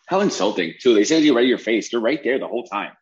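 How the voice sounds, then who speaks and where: A man's voice: mid-range voice, expressive, fast. A man chatting on a podcast, mostly chiming in with short agreements. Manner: brief reactive agreement and laughter. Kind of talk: casual podcast chat. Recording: dull lo-fi sound.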